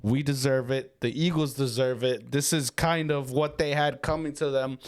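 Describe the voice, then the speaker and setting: A man's voice: mid-range voice, fairly even intonation, moderate pace. Fired-up man ranting about football. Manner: fired-up, ranting, swears freely. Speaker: sports podcast co-host. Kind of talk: heated casual sports talk.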